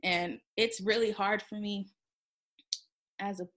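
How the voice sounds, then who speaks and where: A soft-spoken woman telling a personal story in a halting way, with many pauses and restarts. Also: medium pitch, steady tone.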